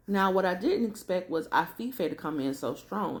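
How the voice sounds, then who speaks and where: A woman's voice: lowish voice, expressive, moderate pace, hardly any pauses. A woman chatting through a casual, slangy recap of a TV drama episode. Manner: chatty slangy storytelling, acts out characters.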